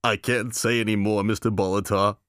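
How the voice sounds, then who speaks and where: A man's voice: lowish voice, flat delivery, fairly quick, fairly bright tone, no room sound, clean studio sound, lightly acted. A man voicing a big, tough woman who sounds childlike, sullen and pleading, in a storybook reading. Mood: sulky, childlike.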